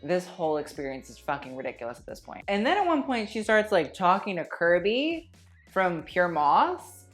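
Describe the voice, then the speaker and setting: A woman's voice: on the low side, big pitch swings, moderate pace, soft background music. Snarky, gossipy woman. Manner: sarcastic, profane, gossipy. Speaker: fashion commentator. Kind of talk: casual commentary.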